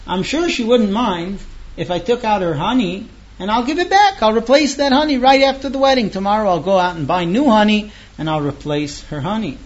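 A man's voice: high voice, close to an everyday voice. A man playing a greedy, dismissive schemer. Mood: scheming. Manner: quick, defensive, dismissive. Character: scheming greedy middle-aged man, brushing off blame. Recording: dull lo-fi recording.

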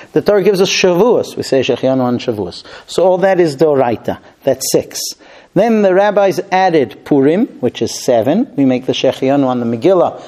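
A man's voice: on the high side, mellow, poor audio. A man teaching a Torah class and telling a long parable, with fillers and restarts.

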